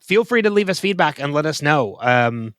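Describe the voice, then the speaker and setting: A man co-hosting a casual podcast, relaxed and a little halting as he talks. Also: a little high, no room sound, clean studio sound. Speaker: podcast co-host.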